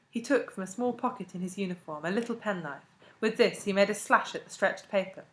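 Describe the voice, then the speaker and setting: Woman, audiobook narration, classic novel, measured, expressive, mid pitch. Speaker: audiobook reader.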